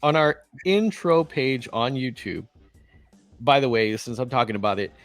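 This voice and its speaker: A Texan man co-hosting a laid-back podcast chat in a mid-range voice. He rambles, trips over restarts and fills pauses with "uh" and "um". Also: mid-range voice, expressive, no room sound, faint music behind. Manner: rambling, with many fillers and restarts. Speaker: co-host.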